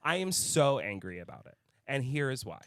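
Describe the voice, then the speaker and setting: A man's voice: medium pitch, big pitch swings, moderate pace, a bit bright, no echo. A man co-hosting a casual podcast, his mid-range voice recorded dry and close. He talks with heated anger, swearing often. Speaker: podcast co-host. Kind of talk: casual chat.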